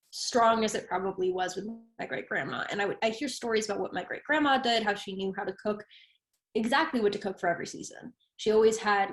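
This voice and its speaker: A woman's voice: medium pitch, reverberant. A woman from the United States, a guest in a casual interview, talking in a rambling way that often interrupts itself. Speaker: guest practitioner.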